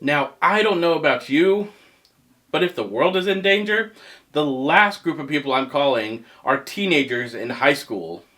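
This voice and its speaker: A man hosting a comedic movie review show, animated and joking, poking fun at himself. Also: fairly high pitch, measured pace. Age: adult past teens. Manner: animated, joking, self-mocking.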